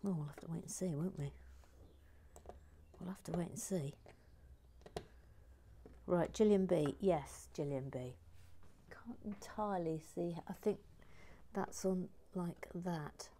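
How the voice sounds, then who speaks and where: Woman host, unhurried live-build chat, dry humour, soft murmured asides. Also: on the low side, slight background noise. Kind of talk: relaxed live building stream with chat reading.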